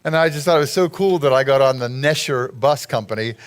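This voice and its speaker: A man's voice: mid-range voice, brisk. A man giving a rambling, chatty talk over a slideshow, laughing at his own jokes. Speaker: guest speaker at a church gathering.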